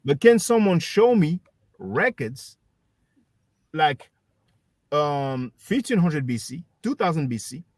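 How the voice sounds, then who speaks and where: A man hosting a livestream, calmly explaining history and addressing his listeners as brothers and sisters. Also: a little high, takes it slowly, long pauses, no room sound, studio quality. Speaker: livestream host. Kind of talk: casual history discussion.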